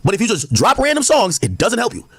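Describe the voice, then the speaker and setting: A man's voice: high-pitched, huge pitch swings, fast, a bit bright, slightly rough, no echo, studio quality. A man on a livestream arguing a point emphatically, repeating words as he cuts in. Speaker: streamer. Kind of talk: livestream debate.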